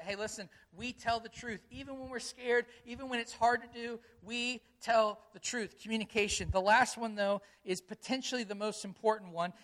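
A male pastor delivers a sermon in a high, bright, forward voice. He sounds earnest and conversational, drawing on stories from his own family. He drives his points home by repeating key phrases.

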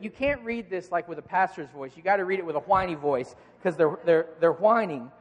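Brief: male pastor with a high voice, earnest sermon, long hall reverb. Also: normal speed, lo-fi sound. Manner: earnest, emphatic, repeats key points.

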